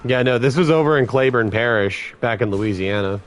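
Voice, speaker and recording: A former corrections officer telling blunt, heavily profane stories in casual podcast chat. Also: male voice, mid-range voice, fairly quick.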